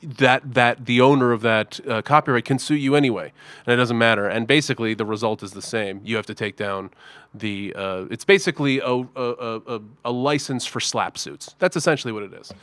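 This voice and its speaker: A man's voice: medium pitch, fairly quick, fairly bright tone, no echo. A man hosting a guitar reaction channel, talking in a chatty, wry way with self-mocking asides. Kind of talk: casual reaction-video commentary.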